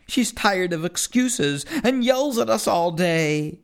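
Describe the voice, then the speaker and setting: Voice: medium pitch, animated, slow pace, gravelly. A reader performing rhyming children's poems in a first-person kid's voice, with a playful sing-song delivery.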